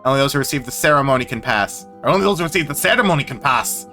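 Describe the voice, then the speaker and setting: A man voicing a gruff male dwarf villager in a bad put-on Scottish accent, speaking in clipped, broken grammar. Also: mid-range voice, expressive, very fast, pushed and bright, faint music behind.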